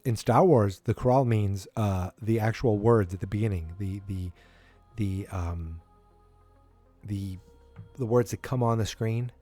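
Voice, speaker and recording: A man's voice: fairly low pitch, measured pace, warm tone, faint music behind. A man hosting a solo podcast, speculating as a fan in a rambling, earnest way with many restarts. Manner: earnest, fannish enthusiasm. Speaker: podcast host.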